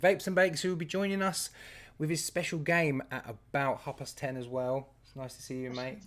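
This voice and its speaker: A man's voice: a little high, level tone, a little fast, a bit bright. A man hosting a casual live stream, chatty and laughing as he greets viewers by name. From England. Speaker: host.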